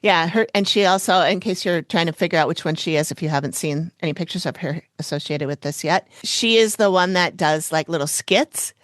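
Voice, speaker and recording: Woman, podcast co-host, casual chat, rambling, easygoing, somewhat low voice, dry sound. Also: a little fast, hardly any pauses, fairly bright tone, no echo.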